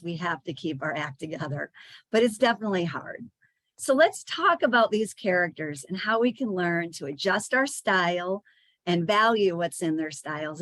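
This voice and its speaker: A woman's voice: medium pitch, no echo. A woman giving a chatty presentation to sales leaders, with frequent fillers and small restarts.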